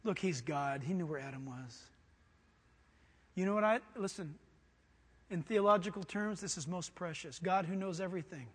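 A man preaching a sermon, acting out quoted voices and swinging from hushed, intimate lines to loud shouts. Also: high voice, sing-song, normal speed, slightly rough. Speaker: pastor. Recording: long hall reverb.

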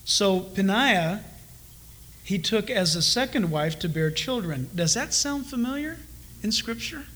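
A man preaching a Bible study sermon in an animated way, asking his listeners questions and acting out the people he quotes. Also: sits high, unhurried. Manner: animated, asks the congregation questions, acts out quoted voices. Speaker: pastor. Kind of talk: expository sermon.

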